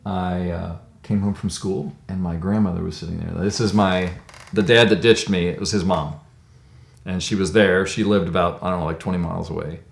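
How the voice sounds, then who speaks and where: A man in his fifties with a very low voice recounts his own story in a thoughtful, conversational way, often pausing with "um". The sound is roomy with a noticeable echo. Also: steady tone, vocal fry. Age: 50s. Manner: reflective, conversational, many "um"s. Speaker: interviewee. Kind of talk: personal storytelling.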